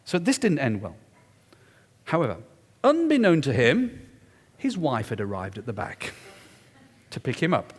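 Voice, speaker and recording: A man's voice: mid-range voice, huge pitch swings, measured pace, pauses often, slightly rough. A man telling a story during a public lecture, emphatic and confiding. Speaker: guest lecturer. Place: lecture hall. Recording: echoey lecture hall.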